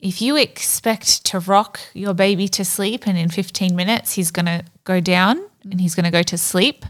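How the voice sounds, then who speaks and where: A woman co-hosting a podcast in casual chat, relaxed and frank when she gives advice. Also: fairly low pitch, normal speed. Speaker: podcast co-host.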